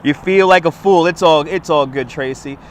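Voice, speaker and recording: A man's high-leaning voice at normal speed carries a chatty, upbeat livestream as he walks a city street holding a phone on a gimbal and says hello to viewers by name. A slightly stuffy nose may cause his voice to crack, and faint street and traffic noise sits in the background.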